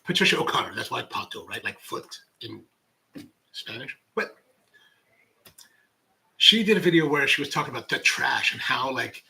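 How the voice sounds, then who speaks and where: A man's voice: medium pitch, very animated, normal speed, vocal fry, pauses often, bright, forceful tone. A man hosting a coffee channel livestream, chatting casually and reading viewer comments in a rambling way with many restarts. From United States.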